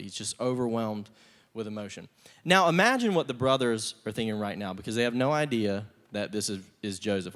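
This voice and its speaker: A man preaching a sermon in a relaxed, conversational way, laughing now and then and acting out what people might say. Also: mid-range voice. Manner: casual and conversational, with laughs and acted-out asides. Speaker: pastor. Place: church sanctuary. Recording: long reverb of a church hall.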